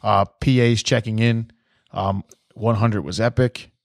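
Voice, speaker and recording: Gravelly, low-voiced male co-host. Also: fairly even intonation, a little slow, no echo, clean studio sound. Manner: short agreeing replies, laid-back. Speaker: podcast co-host. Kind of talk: casual podcast chat, reading chat aloud.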